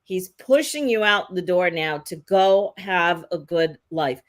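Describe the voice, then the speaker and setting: A woman's voice: fairly low pitch, animated, measured pace. A woman co-hosting a live psychic reading, rambling and hesitant with many fillers. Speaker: psychic co-host.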